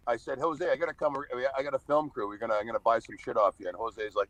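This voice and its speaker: A middle-aged man talks as a podcast guest, telling stories bluntly and swearing freely. His pitch sits in an ordinary middle range, and he breaks into laughter between his stories. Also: fast talker, a bit bright, no room sound, low-quality recording. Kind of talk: casual storytelling.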